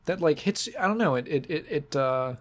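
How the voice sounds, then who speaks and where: A man's voice: fairly high pitch, animated, fairly bright tone. Choked-up man rambling on a podcast. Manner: halting, sentimental, restarts often; choked up, fighting back tears. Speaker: podcast host. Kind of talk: casual podcast monologue.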